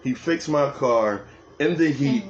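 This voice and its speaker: A podcast co-host with a medium-pitched voice speaks a little slowly as he tells a profane story in casual chat, acting out other people's lines. The recording is roomy, dull and lo-fi, with a faint hiss.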